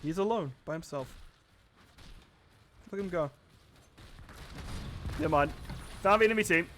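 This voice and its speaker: Man, esports caster, live play-by-play, chatty, self-correcting, fairly high voice, faint hiss behind. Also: fairly bright tone. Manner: quick, chatty, often correcting himself mid-line. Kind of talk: live play-by-play game commentary.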